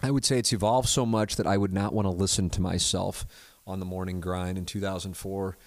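A middle-aged man with a very low voice talks calmly through his podcast, measured and conversational. The sound is dry and close, with no room around it. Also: no echo. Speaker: podcast host. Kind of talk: casual solo talk and live read.

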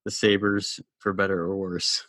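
A man with a low voice joking his way through a casual hockey podcast chat. He, a wry, self-deprecating humor, and often stammers as he restarts a thought. The recording is dry and close. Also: flat delivery, unhurried, fairly bright tone, no echo. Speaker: podcast co-host.

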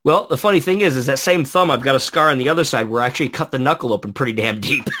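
A man's voice: medium pitch, very fast, sharp tone. A man co-hosting a podcast, telling stories in a casual way and laughing through them. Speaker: podcast co-host. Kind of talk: casual chat, storytelling.

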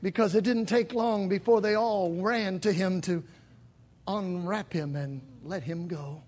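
A male pastor delivering a dramatic sermon in a church, swinging from shouted lines to near whispers. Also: sits high, measured pace. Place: church sanctuary.

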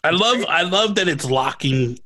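Bright quick-talking male guest. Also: on the high side, lively intonation, poor audio. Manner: emphatic, quick, joking. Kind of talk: casual chat.

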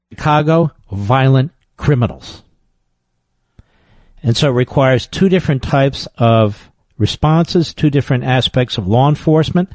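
A man's voice: mid-range voice, a little mellow, dry recording. A man hosting political talk radio, combative and emphatic in his commentary, often scornful. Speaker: radio talk show host.

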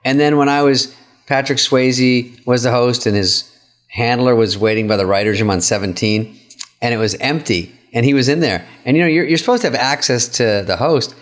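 A male co-host telling a story in a wry, deadpan way. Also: medium pitch, moderate pace. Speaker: podcast co-host. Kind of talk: casual chat.

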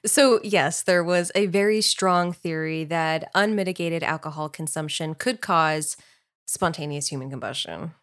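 Lowish-voiced woman telling history facts. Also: unhurried, a bit bright. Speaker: podcast co-host. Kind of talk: casual chat with read-out research.

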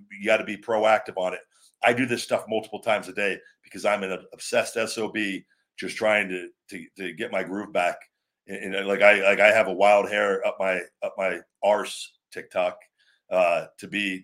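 A middle-aged male host talks on a live stream in a rambling, casual way, circling back and restarting mid-sentence. His voice sits a little low. He calls viewers brother and man and teases them with a grin in his words. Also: fairly bright tone. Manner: playful teasing. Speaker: show host.

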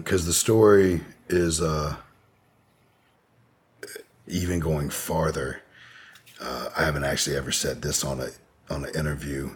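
A man's voice: rumbling low, fairly even intonation, a little slow, long pauses, husky. A man telling a long personal story as an interview guest, candid and rambling, with frequent profanity and fillers.

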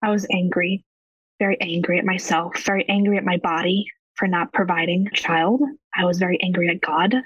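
A woman in her thirties, a guest on a podcast, telling her personal story in an emotional and halting way. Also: on the low side, level tone, fairly bright tone, husky, no room sound. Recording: dry, dull lo-fi audio.

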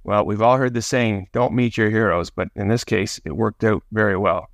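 A man hosting an interview, asking measured, prepared questions. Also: on the low side, fairly even intonation, no room sound. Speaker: podcast host.

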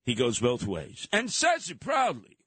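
A male talk radio host rants through his monologue, his pitch swinging widely as he slips into mocking impressions. His voice is slightly husky, and the mic sounds dry and close. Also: unhurried, no echo. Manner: animated, jumping into mocking impressions.

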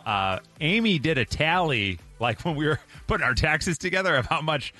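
Lively bright-voiced radio host man. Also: a little high, moderate pace, faint music behind. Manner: playful, laughs easily. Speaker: radio morning show host. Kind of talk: casual radio banter. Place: radio studio.

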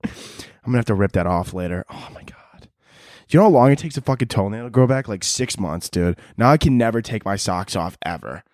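A man's voice: lowish voice, expressive, fast, darkish tone, dry recording, studio quality. A young man hosting a podcast on his own, ranting sarcastically with lots of swearing. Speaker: podcast host. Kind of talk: solo comedic rant.

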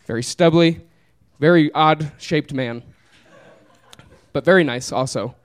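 A man's voice: a little high, measured pace, clear, resonant tone. A young man telling a funny story to a live audience, laid-back and laughing through it. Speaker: comedian telling a story on stage. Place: small live venue.

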